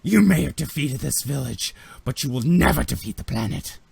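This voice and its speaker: A man voicing a defiant female Wookiee villager in a tabletop game, calling out loudly. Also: medium pitch, lively intonation, moderate pace, creaky, pitched above the performer's own voice.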